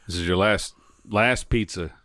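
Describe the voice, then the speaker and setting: A man's voice: low-pitched, a little slow, bright, forceful tone, no room sound. A man co-hosting a podcast in casual chat, teasing and asking questions, close on the mic. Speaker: podcast co-host.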